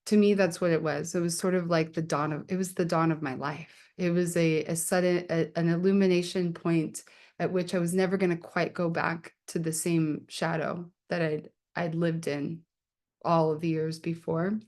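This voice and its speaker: A woman's voice: fairly low pitch, little pitch movement, moderate pace, darkish tone. A woman poet hosting her book launch on a video call, talking casually and candidly with lots of fillers and laughter. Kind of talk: casual chat.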